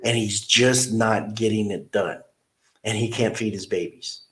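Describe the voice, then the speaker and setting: Middle-aged man, slightly low voice, dealership manager, animated storyteller in an interview. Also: measured pace. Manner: animated storyteller who acts out quotes.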